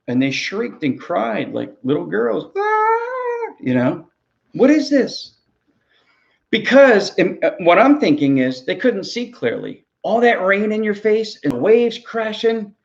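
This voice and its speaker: A man's voice: sits high, creaky, dull audio. A man, a ministry pastor, preaching a sermon in an earnest, conversational way, often repeating words as he goes.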